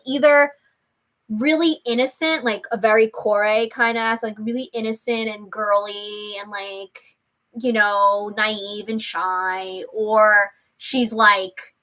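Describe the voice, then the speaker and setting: A woman's voice: medium pitch, pushed and bright. A young woman hosting a casual chat, chatty and laughing often, swearing freely as she talks. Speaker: host.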